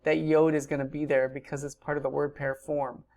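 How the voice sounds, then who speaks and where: A woman with a deep, low-pitched voice walks through a recorded grammar lecture. She explains each point patiently and steadily, with frequent ums as she talks it through. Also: flat delivery, a little fast, darkish tone. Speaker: Hebrew teacher.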